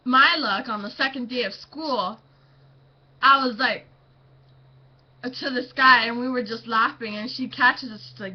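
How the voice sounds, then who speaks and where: A woman's voice: high-pitched, normal speed, highs cut off. A teenage girl chatting about teachers to her camera, rambling with lots of fillers and breaking into giggles. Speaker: student vlogger. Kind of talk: casual storytelling.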